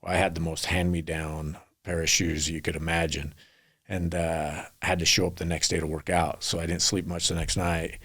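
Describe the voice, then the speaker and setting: Low gravelly middle-aged guy, rambling earnest stories as a podcast guest. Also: little pitch movement, normal speed, a bit bright. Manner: earnest, rambling anecdotes with acted quotes. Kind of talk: storytelling in a podcast interview.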